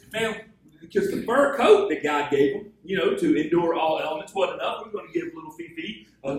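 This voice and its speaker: A man preaching a sermon, telling stories and joking with the congregation. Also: sits high. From Georgia, USA. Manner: storytelling, joking, animated. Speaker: pastor. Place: church hall. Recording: echoey hall from far off.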